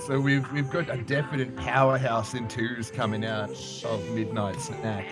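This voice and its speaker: A man casting a video game match as play-by-play commentator, jokey and excitable. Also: mid-range voice, normal speed. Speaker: esports caster. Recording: music playing behind.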